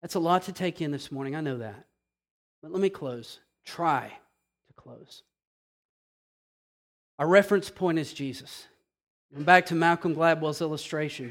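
A man preaching a sermon, animated and emphatic, repeating key phrases and speaking straight to the congregation. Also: on the high side. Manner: animated, emphatic preaching with repetition and direct address. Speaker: pastor.

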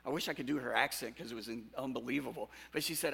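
Male preacher, gravelly edge and bright tone, chatty sermon that jumps from loud and animated to hushed and earnest. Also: mid-range voice, fast talker, few pauses. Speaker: pastor.

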